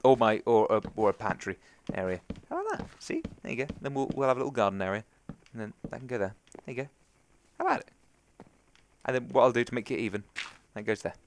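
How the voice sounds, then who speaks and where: A man's voice: mid-range voice, very animated, fast, pauses often. A young man with an English accent, rambling and talking to himself as he comments on his own gameplay. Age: young adult. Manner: chatty, rambling, self-talking. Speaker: gaming commentator. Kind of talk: casual let's play commentary.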